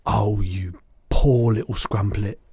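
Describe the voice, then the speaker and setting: A man voicing a huge, kindly, soft-hearted old male giant in a storybook reading, speaking slowly and loudly in mangled grammar. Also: fairly low pitch, steady tone, creaky, husky, no room sound, exaggerated voice. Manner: mangled grammar, slow and loud.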